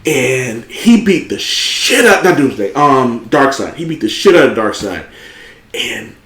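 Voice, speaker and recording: Man, podcast host, casual chat, rambling, profanity, animated, middle pitch, echoey room. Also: unhurried.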